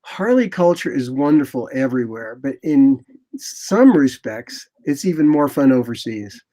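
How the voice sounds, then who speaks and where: A man in his sixties, a photographer guest in an interview, telling rambling, animated anecdotes and acting out what people said. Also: medium pitch, a little slow. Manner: animated, rambling anecdotes with lively quoted asides. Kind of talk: casual interview storytelling.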